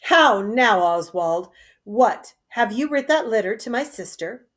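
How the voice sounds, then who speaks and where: A woman's voice: a little high, animated, measured pace, fairly bright tone. A woman reading a cold, scheming princess. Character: cold, scheming royal daughter. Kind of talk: solo reading of a play.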